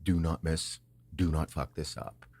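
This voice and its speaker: A man hosting a podcast, telling a story in a casual, animated way, swearing often and acting out what others said. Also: rumbling low, measured pace, gravelly, slightly rough. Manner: animated, swears a lot, acts out quotes. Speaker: podcast host.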